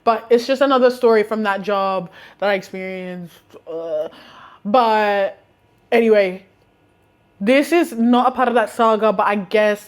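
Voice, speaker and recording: A young woman in her twenties telling stories in a chatty, animated, slangy way, with laughs and restarts. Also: a little high. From Australia. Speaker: vlogger. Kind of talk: casual storytime.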